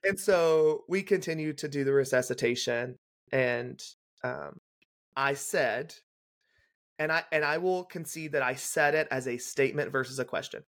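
A young man at a middle pitch recounts a hospital shift in close detail. He talks in a brisk, casual storyteller's way and acts out each line of dialogue. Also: a bit bright. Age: young adult. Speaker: guest, legal nurse consultant. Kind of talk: casual storytelling in a podcast interview.

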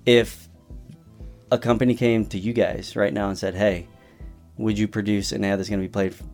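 A man's voice: fairly low pitch, level tone, normal speed, gravelly, a little mellow, faint music behind. A man in his forties in a casual chat, making wry, dry jokes. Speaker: podcast co-host.

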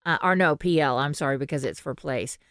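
Low-voiced woman hosting a chatty podcast. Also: a little fast, fairly bright tone, smooth, no room sound, clean studio sound. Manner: reads social media posts aloud, laughs often. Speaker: podcast host. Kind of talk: casual podcast chat.

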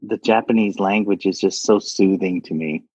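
A lower-voiced man from Saudi Arabia tells stories as an interview guest, animated and quick to laugh. He slips into other people's voices as he goes. The voice has a slightly husky edge, and the recording sounds dull and dry. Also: no echo. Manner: animated, laughs often, acts out quoted voices. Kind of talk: casual storytelling interview.

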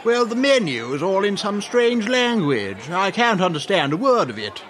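A man's voice: sits high, big pitch swings, moderate pace, fairly bright tone. A man playing a snooty, fussy diner with a pompous, sniffy manner.

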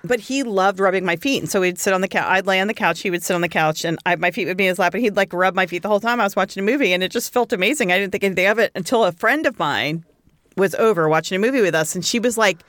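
A woman's voice: racing, a bit bright, no echo, clean studio sound. A woman in her forties co-hosting a podcast, chatting casually and acting out quotes in her stories. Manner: chatty storyteller, acts out quotes with big pitch jumps. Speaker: podcast co-host. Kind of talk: casual chat.

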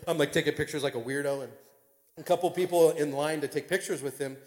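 Excitable pastor telling a story in a hall. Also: male voice, fairly high pitch, fast. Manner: excitable, rambling with many fillers. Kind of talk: emotional personal storytelling to an audience. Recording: long reverb of a large hall.

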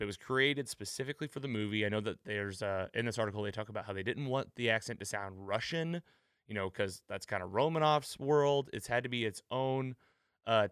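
A man's voice: on the low side, fairly bright tone, smooth, no echo, studio quality. A man hosting a podcast, talking casually and rambling a bit, with frequent fillers and restarts. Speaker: podcast host.

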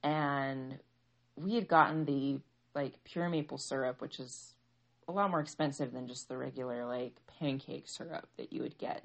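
A woman's voice: sits low, a little mellow, dull audio. A woman in her thirties, a mother, telling a personal family story in a conversational, reflective way with frequent fillers. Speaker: mother of young children.

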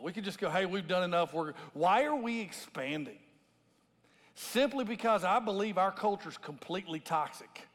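A man's voice: high voice, a bit bright. A man, a lead pastor, preaching a sermon in a conversational way, often asking "right?" and acting out scripture in a raised voice. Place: large church auditorium with a congregation. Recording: long hall reverb from a large room.

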